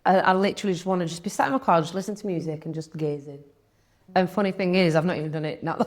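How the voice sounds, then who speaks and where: A woman's voice: fairly low pitch, racing. A young woman, talking candidly as an interview guest, chatty, with lots of "like" and quoted thoughts.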